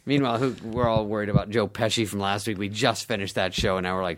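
Animated man telling stories, laughing a lot. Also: on the low side, fast talker. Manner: animated, laughs often, acts out quoted people. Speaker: guest comedian. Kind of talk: casual storytelling chat.

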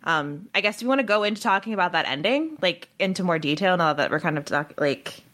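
A young adult woman co-hosting a podcast in casual chat, talking in an animated way with lots of swearing and "like". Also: on the low side, quick pace. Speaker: podcast co-host.

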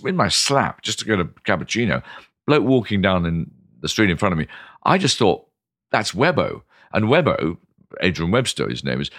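Deep-voiced older British man telling stories. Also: dry recording, clean studio sound. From Britain. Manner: animated, lots of ums and restarts. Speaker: interview guest. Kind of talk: anecdotal storytelling.

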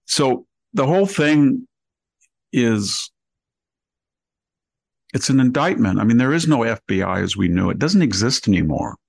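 Gravelly man in sarcastic political commentary. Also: mid-range voice, very animated, no echo, rough recording. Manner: sarcastic, rapid-fire listing of grievances. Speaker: podcast host.

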